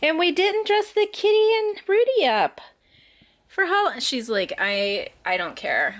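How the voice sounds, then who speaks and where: Chatty mom vlogger, animated pitch, bright tone, casual home talk. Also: female voice, a little slow. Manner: chatty storytelling with laughs. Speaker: vlogger mother. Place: family home.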